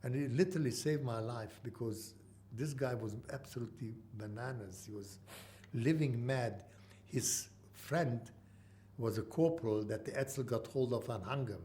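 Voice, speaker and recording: A man in his eighties from Mandatory Palestine, telling an oral history in halting speech with many pauses. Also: medium pitch, mellow, a little hiss or hum. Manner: halting, with frequent uh pauses and restarts. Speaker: interviewee.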